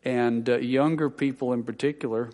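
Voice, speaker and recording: A man's voice: medium pitch, steady tone, normal speed, darkish tone. A man, a Baptist pastor, giving rambling, homespun church announcements to his congregation, with lots of fillers and dry humorous asides. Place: large church sanctuary. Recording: long reverb of a church hall.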